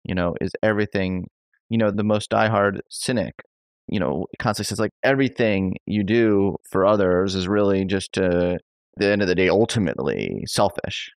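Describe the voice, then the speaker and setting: A man's voice: deep voice, normal speed, gravelly, no room sound. A man hosting a podcast interview, enthusiastic and thinking aloud with lots of fillers. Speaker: podcast host. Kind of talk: conversational interview.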